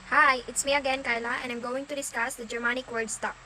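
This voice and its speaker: A woman student presenting to her class, brisk and listing example words one by one. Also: a little high, little pitch movement, sharp tone, slight background noise, low-quality recording.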